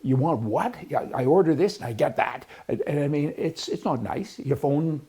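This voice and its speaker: An older man talks through his opinions in a loose, folksy ramble. His voice is very husky and gravelly, with a dark, mellow tone. He sounds opinionated and unhurried, like a regular host holding forth. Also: fairly high pitch, lively intonation. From Canada. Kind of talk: rambling political commentary.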